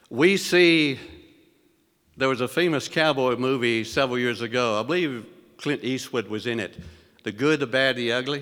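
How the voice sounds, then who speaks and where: A male preacher delivering a sermon with deliberate emphasis, questioning the congregation and reading scripture in lifted tones. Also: mid-range voice, fairly bright tone, in a large hall. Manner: reads scripture in elevated, rising tones.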